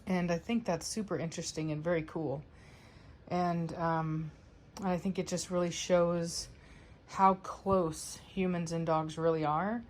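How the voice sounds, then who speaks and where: A woman's voice: lowish voice, fairly even intonation, a little slow, a little hiss or hum. A woman dog breeder and trainer talking casually to her viewers in a chatty, rambling way. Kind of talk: casual vlog talk to viewers.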